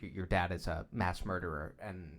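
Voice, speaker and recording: Low-voiced man musing halting. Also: steady tone, fairly bright tone. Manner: thoughtful, halting, many restarts. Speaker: podcast co-host. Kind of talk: casual fan discussion.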